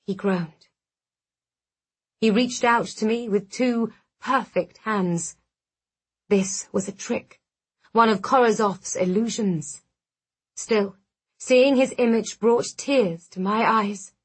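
A woman reading a first-person dark fantasy audiobook in a measured, dramatic way. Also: on the high side, slightly rough. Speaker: audiobook narrator. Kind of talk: first-person scripted narration.

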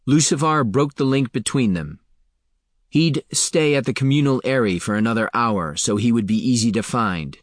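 A man narrating a fantasy novel in a steady, even storytelling voice. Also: mid-range voice, normal speed, no echo, clean studio sound. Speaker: audiobook narrator. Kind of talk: scripted narration.

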